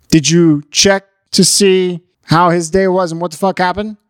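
A man's voice: high voice, steady tone, moderate pace, hardly any pauses, clear, resonant tone, no room sound, studio quality. A man giving a profane, exasperated comedic rant, lecturing his audience on how to behave.

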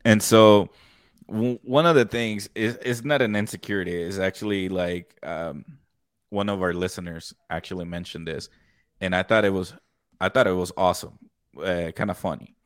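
A man's voice: deep voice, steady tone, normal speed, smooth, no room sound, clean studio sound. A man co-hosting a podcast over a video call, talking casually with lots of fillers and frequent swearing. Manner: loose, swears a lot, filler-heavy. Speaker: podcast co-host.

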